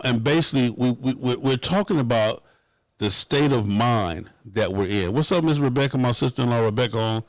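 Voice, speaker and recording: Loud profane Southern talk show host. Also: male voice, medium pitch, no room sound. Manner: animated, profane, mock-pleading bits. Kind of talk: casual opinion talk show.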